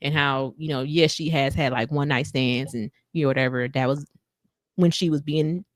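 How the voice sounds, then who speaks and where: Brief: woman podcast co-host, lower voice, dry close mic, animated gossip recap. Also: moderate pace, no echo. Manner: animated storytelling, acts out voices of people she quotes. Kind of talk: casual chat recapping a reality show.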